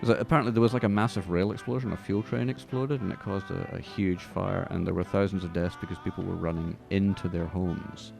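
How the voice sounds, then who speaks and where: An Australian man with a very low, deep voice reads film news on a podcast. He mixes the items with dry, wry asides, and faint music plays underneath. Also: fairly even intonation, fairly quick, vocal fry, few pauses. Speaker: podcast co-host. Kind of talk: casual film news chat.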